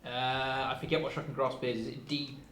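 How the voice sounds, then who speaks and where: A man playing a tabletop game who curses the dice in loud, sweary outbursts. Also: medium pitch, little pitch movement, a little fast, far from the mic, a little hiss or hum. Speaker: player. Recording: echoey room, off mic.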